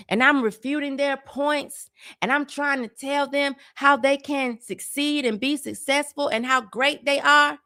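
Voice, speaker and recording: A woman's voice: high-pitched, pushed and bright, no room sound, studio quality. An adult woman giving a sarcastic, scolding opinion monologue as a social commentator, repeating words as she gets fired up.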